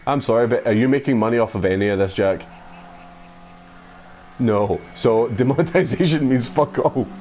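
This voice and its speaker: A Scottish gaming streamer chats casually while playing a racing game, sweary, mocking and often laughing. His mid-range voice has a darkish tone at a normal speed with frequent pauses, and a little hiss or hum sits underneath.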